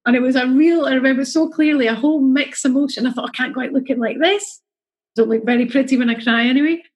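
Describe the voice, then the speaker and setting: A middle-aged woman tells a personal story in a chatty, emotional way. Her voice sits a bit high and has a husky edge. She slips into the voices of the people she quotes. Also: fast talker, a little mellow, rough recording. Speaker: mother sharing her story. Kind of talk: casual storytelling.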